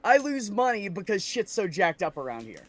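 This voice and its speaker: A frustrated man vents in casual podcast chat, cursing freely as he tells his story. His voice sits a bit high for a man, and he drops into quick impressions of the people he quotes. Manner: venting, profane, animated storytelling.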